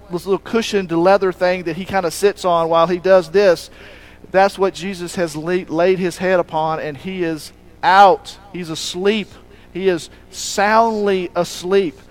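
A male pastor delivering a sermon in a fairly high voice. He tells the story with animated energy, acting out the lines he quotes. His delivery rises to loud emphasis and then drops to a hush. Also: rough recording.

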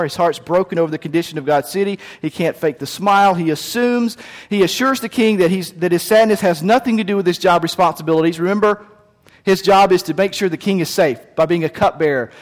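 A man delivers a sermon with a slightly high voice, acting out the characters in the story. The sound carries a long hall reverb. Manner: animated storytelling with acted voices. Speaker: pastor.

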